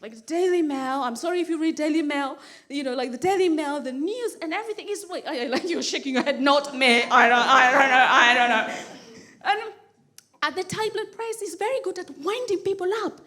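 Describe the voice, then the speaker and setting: A woman from Kenya performing a stand-up comedy set on a club stage, animated and acting out other people's voices. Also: very high voice, brisk. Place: comedy club stage before a laughing audience. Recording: live club recording with audience laughter and noise.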